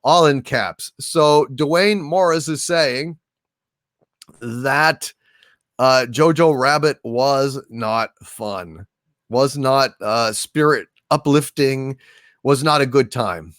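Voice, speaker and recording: A man hosting a livestream, reading viewer messages aloud and answering them with grand mock-overlord greetings and many halting fillers. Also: medium pitch, fairly bright tone, no echo, studio quality. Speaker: livestream host reading super chats. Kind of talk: casual livestream chat.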